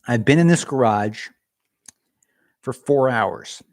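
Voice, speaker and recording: A man's voice: mid-range voice, lively intonation, slow pace, dry recording, studio quality. A man chatting on a casual livestream from his cold garage, rambling and joking at his own expense. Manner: rambling, jokey, self-mocking. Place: home garage.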